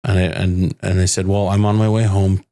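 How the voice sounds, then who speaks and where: A bereaved father, a podcast guest, recounting a hard personal story in a halting way with many restarts. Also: low-pitched, level tone, warm tone. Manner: halting, restarts often, quotes others' words. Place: home in the Phoenix area.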